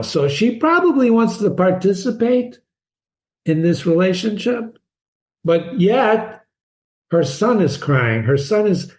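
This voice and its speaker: A man's voice: a little high, darkish tone. A man casually breaking down a short story for students, asking rhetorical questions and reading quoted lines aloud. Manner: chatty, frequent rhetorical "right?". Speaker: literature teacher. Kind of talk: conversational story analysis.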